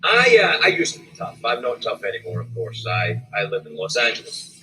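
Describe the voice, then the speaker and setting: A middle-aged Scottish man performing stand-up comedy at a dinner, animated, with sudden shouted outbursts. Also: low voice, fairly quick, soft background music, rough recording. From Scotland.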